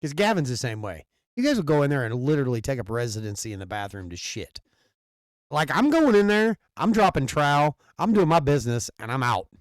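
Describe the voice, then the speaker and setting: A man's voice: medium pitch, big pitch swings, brisk, no room sound. Guy on a podcast heckling his buddy, voice jumps all over, dry room. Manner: joking, teasing interjections. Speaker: podcast co-host. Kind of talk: casual chat.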